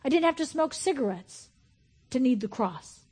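A woman in her fifties preaching a sermon, swinging between loud, excited exclamations and hushed, whispered asides. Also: high voice, moderate pace, husky. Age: 50s.

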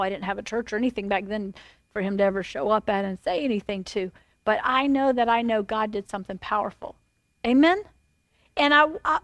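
A middle-aged woman pastor telling a personal testimony in a sermon, animated and full of fillers. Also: on the high side, no echo.

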